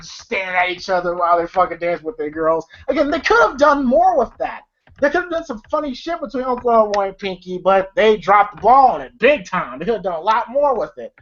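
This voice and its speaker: A woman's voice: on the low side, animated, brisk, muffled recording. A woman reviewing a movie in a rambling, profane way, retelling scenes with lots of fillers. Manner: rambling, profane, laughs often, many fillers. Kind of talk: casual retelling of film scenes.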